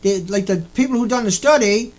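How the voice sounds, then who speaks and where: A man's voice: high voice, fairly quick. A man delivering an angry, repetitive rant, swearing often as he talks to his viewers. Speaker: video blogger.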